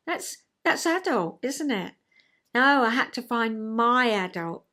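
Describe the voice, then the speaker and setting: Chatty older woman, slow and high. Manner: chatty, self-mocking, lively. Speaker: vlogger. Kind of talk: reading a rhyming poem, then casual chat.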